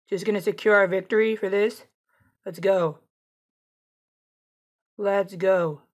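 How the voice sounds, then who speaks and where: Excitable woman narrating her gameplay. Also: medium pitch. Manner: chatty, excitable, taunts opponents. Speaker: gameplay streamer. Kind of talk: casual gameplay commentary.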